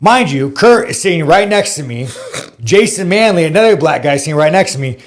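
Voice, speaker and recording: A man's voice: fairly high pitch, expressive, a little fast. A man telling a story in casual, profane podcast talk, rambling and filling his speech with "like". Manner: rambling, heavy use of "like" and swearing.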